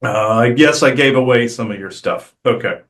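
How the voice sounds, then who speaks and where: A man channeling on a spiritual podcast, talking casually and haltingly with many "uh" fillers and restarts. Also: medium pitch, fairly bright tone. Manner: hesitant, many "uh" fillers, rambling.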